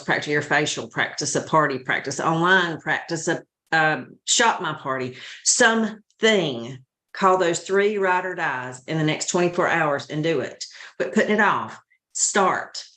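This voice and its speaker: A woman gives a motivational talk, urging her listeners and firing questions at them. Her voice is fairly low, and it echoes around the room she is in. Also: fairly bright tone. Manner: urgent, coaching, asks the listeners questions. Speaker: sales team speaker.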